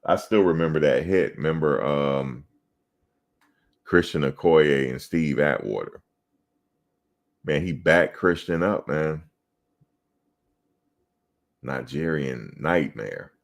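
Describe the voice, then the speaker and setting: Very deep-voiced man telling football stories. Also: animated, takes it slowly, gravelly, pauses often. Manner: loose, profane storytelling with laughter. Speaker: podcast co-host. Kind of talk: casual sports chat.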